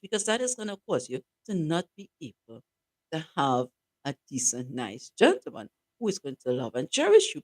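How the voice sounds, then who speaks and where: A woman co-hosting a talk show, giving casual advice and teasing her co-host, laughing often. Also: medium pitch.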